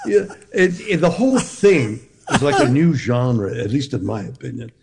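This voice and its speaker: A man's voice: mid-range voice, sing-song, normal speed, creaky, crowd noise. A man being interviewed as an actor guest on a radio show, talking animatedly and restarting his sentences.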